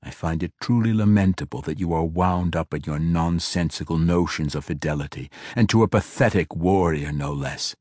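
Male narrator as a sly, condescending archmage, deep-voiced, dry close mic. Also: normal speed, hardly any pauses, a little mellow, no room sound. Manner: smug, mocking. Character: arrogant mocking male archmage, cruel and sly. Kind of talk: audiobook character voice.

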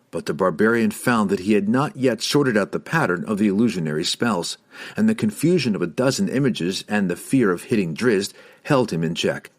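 A man reads a fantasy novel aloud in a somewhat low voice. His narration is dramatic and lifts on tense moments. It is a scripted audiobook reading.

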